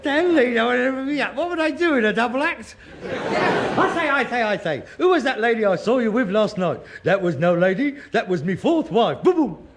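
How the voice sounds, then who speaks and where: A man's voice: very high-pitched, very animated, normal speed, background noise, full character voice. An actor playing a sardonic grown son who mocks his father, in a broadcast sitcom. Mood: sarcastic. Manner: sarcastic, mocking, scornful.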